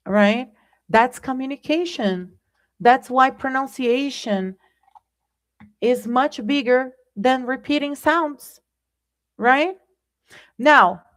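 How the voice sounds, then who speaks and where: A woman teaching a live online English lesson, speaking deliberately and often checking in with "right?". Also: fairly high pitch.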